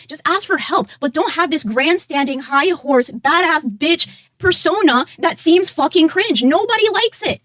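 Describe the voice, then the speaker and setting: A woman's voice: very high-pitched, lively intonation, normal speed, few pauses, fairly bright tone, no room sound, studio quality. A woman co-hosting a live stream, bluntly scolding her co-host and swearing freely. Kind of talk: heated on-air confrontation.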